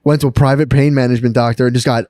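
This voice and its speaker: A man telling a long story on a podcast in a rambling, profane, excitable way. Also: medium pitch, very fast, no room sound, clean studio sound. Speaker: podcast co-host. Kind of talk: casual storytelling chat.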